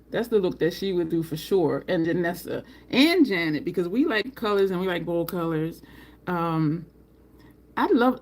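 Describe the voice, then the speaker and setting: Chatting with her audience by name, a woman runs a casual livestream about makeup, her voice jumping higher in moments of excitement.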